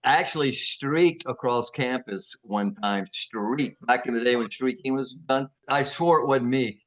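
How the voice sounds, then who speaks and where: A man in his sixties with a Southern American accent tells stories in an interview at an ordinary middle pitch. His manner is folksy and full of laughs. He acts out the other people in his stories. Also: measured pace, fairly bright tone. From Georgia, USA. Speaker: interview guest. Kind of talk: casual storytelling.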